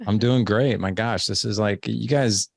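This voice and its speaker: Podcast host guy telling a story, lowish voice, dry close mic. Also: normal speed, creaky, no room sound. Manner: animated storyteller who acts out quoted dialogue. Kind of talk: casual interview chat.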